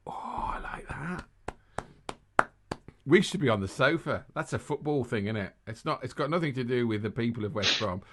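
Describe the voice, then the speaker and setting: A man's voice: mid-range voice, lively intonation, quick pace, hardly any pauses, a bit bright. A man co-hosting a casual podcast, rambling and laughing at his own jokes as he chats with a friend. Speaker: podcast co-host. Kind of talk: casual chat.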